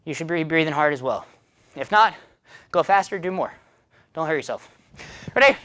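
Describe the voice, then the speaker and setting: A man's voice: fairly high pitch, moderate pace, fairly bright tone. A man teaching a follow-along taekwondo class, counting kicks aloud and coaching between sets in a chatty, self-deprecating way while breathing hard from the workout. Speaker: taekwondo instructor.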